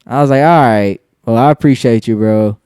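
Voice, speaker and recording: A man's voice: mid-range voice, normal speed, smooth, dry recording, studio quality. A young man telling a casual story on a podcast, laughing often and swearing freely as he acts out what everyone said. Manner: laughing, profane, animated retelling.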